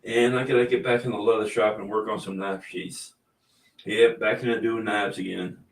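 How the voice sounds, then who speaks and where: A man's voice: fairly low pitch, little pitch movement, moderate pace, vocal fry, distant mic. A man hosting a casual livestream chat, easygoing and rambling, often chuckling. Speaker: livestream host. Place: indoors, room with cabinets. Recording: echoey room, away from the mic.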